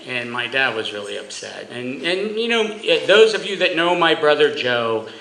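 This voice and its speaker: A man, a judge, giving a humorous roast speech for his father, telling stories with comic timing and deadpan asides. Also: medium pitch, moderate pace, creaky, reverberant, a little hiss or hum, poor audio.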